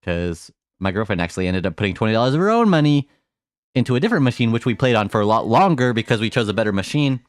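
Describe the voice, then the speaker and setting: A man's voice: on the low side, sing-song, fast talker, no echo. A young man chatting casually on a live stream, rambling through stories and laughing often.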